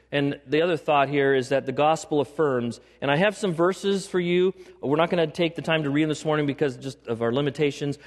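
A male pastor with a somewhat high voice preaches emphatically in a church sanctuary, the large hall giving long reverb. He repeats key phrases and asks the congregation questions throughout his sermon.

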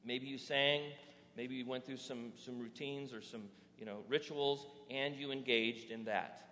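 A man preaching a sermon as pastor, animated, often asking the congregation rhetorical questions. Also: mid-range voice, measured pace, slight background noise. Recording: reverberant hall.

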